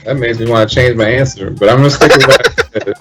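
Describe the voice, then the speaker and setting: A man's voice: mid-range voice, fast talker, loud music behind the voice. A male teacher giving short, hesitant answers on a school quiz show. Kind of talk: casual game show chat.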